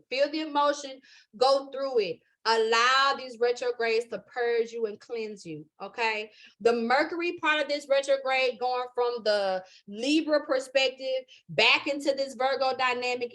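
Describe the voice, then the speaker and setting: Woman, high voice, astrology teacher, live spiritual class, emphatic, preachy, repetitive, constant "okay?" check-ins. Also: fairly bright tone.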